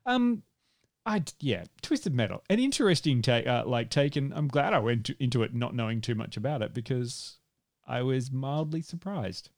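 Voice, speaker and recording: Podcast host, male, casual and animated, voice jumps around a lot. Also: mid-range voice, moderate pace. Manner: animated, laughing, rambling. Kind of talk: casual chat.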